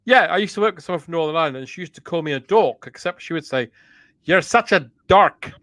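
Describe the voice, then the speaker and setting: Middle-aged male comic co-host, rambling and self-deprecating; slightly high voice. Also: expressive, rapid-fire, a bit bright, no echo. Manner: rambling, self-mocking banter. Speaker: podcast co-host. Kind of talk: comedic casual chat.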